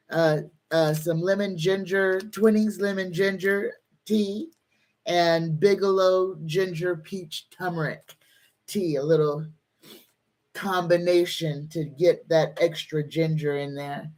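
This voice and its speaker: Slow-talking woman tarot reader. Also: fairly low pitch, a little mellow. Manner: chatty, greets viewers by name, invokes spirit guides. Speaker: psychic tarot card reader. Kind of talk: live-stream tarot reading and chat.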